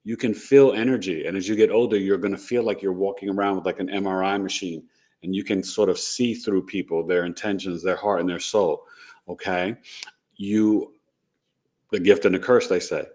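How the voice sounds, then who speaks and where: A man's voice: sits low, steady tone, brisk, darkish tone. A man hosting an astrology show, talking casually and rambling, often ending points with "right?". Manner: rambling, tags sentences with "right?". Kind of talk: casual live-stream talk.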